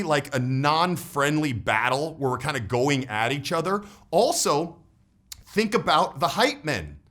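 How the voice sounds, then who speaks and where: Lively high-voiced male coach, animated. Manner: animated, tags points with "right?". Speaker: voice and status coach. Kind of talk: coaching vlog breakdown.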